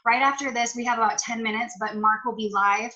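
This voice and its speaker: A woman's voice: a little high, steady tone, brisk, sharp tone, dull audio. A woman hosting a live-stream interview who talks in a bubbly, gushing way with lots of fillers. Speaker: host.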